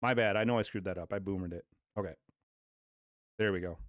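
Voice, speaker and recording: Lo-fi casual streamer man, low voice. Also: a little fast, dry recording. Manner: loose, profane chatter with offhand play-by-play. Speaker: livestreamer. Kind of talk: casual livestream chat. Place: at home. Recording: dull lo-fi dry sound.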